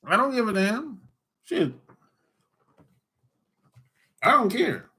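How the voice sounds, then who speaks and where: A man's voice: very high-pitched, very animated, normal speed, sharp tone, breathy edge. A man hosting a casual livestream, teasing callers in loose slang and laughing often. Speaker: livestream host talking with callers. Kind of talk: casual chat.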